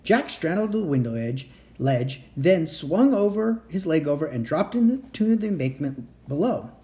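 A home reader reading a children's book aloud, expressive, with occasional slips. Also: medium pitch, a little slow. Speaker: story reader.

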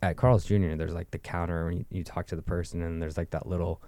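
A man's voice: low-pitched, level tone, fast talker, warm tone, no room sound. A young man telling a rambling, profane story in casual chat. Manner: profane, rambling, with frequent likes.

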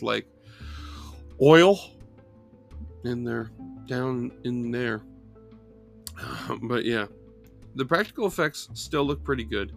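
Casual male reviewer with a gravelly voice, rambling, profane and laughing, over faint guitar. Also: medium pitch, pushed and bright. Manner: loose, rambling, profane, with frequent laughs and fillers. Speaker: movie reviewer. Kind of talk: casual solo movie review.

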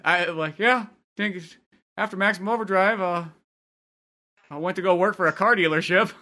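A man hosting a podcast in casual chat, animated and laughing often. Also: sits high, moderate pace. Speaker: podcast host.

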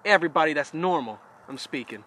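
A man's voice: on the high side, lively intonation, fast talker, bright, forceful tone. A young man co-hosting a casual podcast chat, crude and joking with plenty of swearing. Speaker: podcast co-host.

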